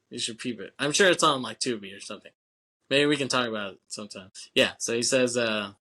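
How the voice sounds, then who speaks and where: A man's voice: medium pitch, fairly bright tone. A man co-hosting a casual podcast chat, laughing often, swearing casually and acting out lines as he recaps a film. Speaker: podcast co-host.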